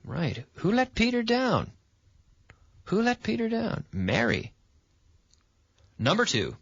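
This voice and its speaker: A man hosting a radio English lesson, patiently quizzing a student and stressing words with lively intonation. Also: sits high, slow, vocal fry, pauses often, breathy edge. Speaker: English teacher and radio host. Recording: dull, lo-fi sound.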